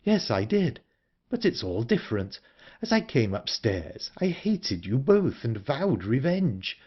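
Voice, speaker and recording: A man voicing a calm, composed older woman in an audiobook, speaking in a measured way. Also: medium pitch, husky, lo-fi sound, pitched above the performer's own voice. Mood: calm, wistful. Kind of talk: audiobook character reading.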